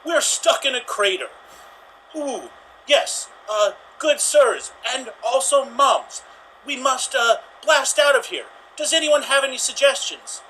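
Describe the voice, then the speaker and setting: A man's voice: extremely high pitch, bright, forceful tone, slight background noise, full character voice, low-quality recording. A man doing a fussy formal spaceman. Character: pompous male spaceship crewman, fussy and formal.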